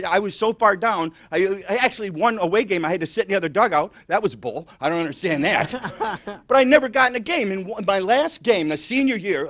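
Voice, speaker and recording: An older man from Detroit doing rambling, self-mocking stand-up comedy. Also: high voice. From Detroit, Michigan. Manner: rambling, self-mocking, exaggerated tall tales.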